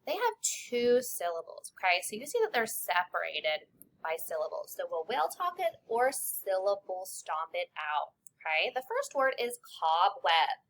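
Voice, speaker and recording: A woman teacher leading young children through a spelling lesson, sounding out letters and sounds slowly and clearly. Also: mid-range voice, big pitch swings, a bit bright, a little hiss or hum.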